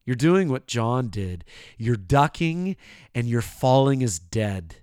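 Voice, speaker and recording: Man preaching, animated rising and falling pitch, dry close sound, hushed then booming. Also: slow pace, smooth, dry recording. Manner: dramatic, swings from hushed to loud proclamations. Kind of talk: sermon.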